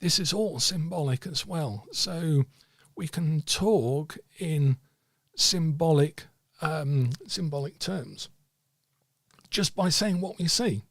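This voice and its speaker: A man teaching tarot reading, speaking in a measured, explanatory way. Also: fairly high pitch, no room sound. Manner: measured, explanatory, acts out client dialogue. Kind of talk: teaching talk with acted examples.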